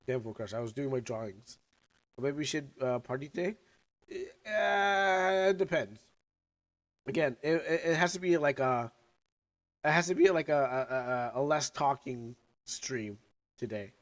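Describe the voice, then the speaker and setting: A young man with a sick, cough-prone voice chats loosely on his livestream. He rambles, restarts and trails off. He talks around candy in his mouth, at an ordinary middle pitch. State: sick, coughing, recovering lungs. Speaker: streamer. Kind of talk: casual livestream chat.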